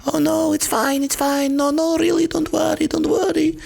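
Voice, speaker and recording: Man squeezing out fake politeness in a high, strained falsetto, far off the mic. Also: flat delivery, normal speed, creaky, a little mellow, full character voice. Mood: forced calm. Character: man forcing squeaky polite reassurance.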